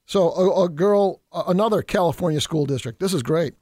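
A man's voice: high voice, normal speed, darkish tone, no echo, clean studio sound. A man delivering an indignant political opinion monologue as a radio commentator, emphatic and addressing listeners as folks.

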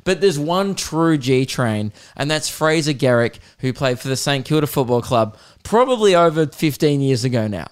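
A man's voice: on the high side, expressive, moderate pace, hardly any pauses, clear, resonant tone. A young Australian man hosting a podcast, rambling through jokes and swearing freely in casual comedic chat. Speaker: podcast host.

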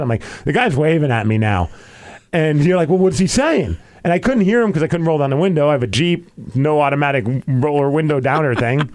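A man's voice: a little high, a little mellow. A young man hosting a podcast, telling a story in casual chat and acting out the quotes with laughs. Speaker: podcast host.

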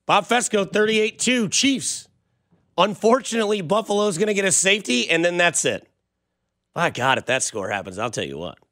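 Chatty male sports radio host, bright tone. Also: high-pitched, sing-song, normal speed, no room sound, clean studio sound. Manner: chatty, rambling storytelling. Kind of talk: casual sports radio talk. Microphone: studio microphone.

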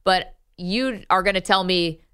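A woman co-hosting a studio sports talk show, pressing her points in a lively, persistent way. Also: on the low side, measured pace, clear, resonant tone. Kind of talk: casual studio debate. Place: studio set.

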